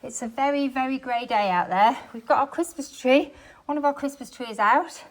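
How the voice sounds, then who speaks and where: A woman's voice: high-pitched, moderate pace. A woman chatting casually to the camera while she cleans her home, thinking aloud and poking fun at herself, recorded on a phone strapped to her chest. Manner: chatty, thinks aloud, self-mocking asides. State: slightly out of breath. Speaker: cleaning vlogger. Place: home, indoors. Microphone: phone worn on a chest harness.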